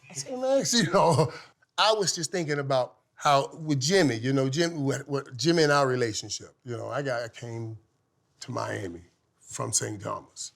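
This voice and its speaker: A middle-aged man, a former football player, telling lively stories as a podcast guest, laughing often and swinging from loud to hushed. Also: medium pitch, moderate pace, gravelly. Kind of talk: animated storytelling in casual chat.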